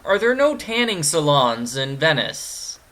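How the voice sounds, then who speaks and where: A man's voice: fairly high pitch, very animated, unhurried, sharp tone. A man giving gameplay commentary, rambling and cracking goofy jokes. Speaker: let's player.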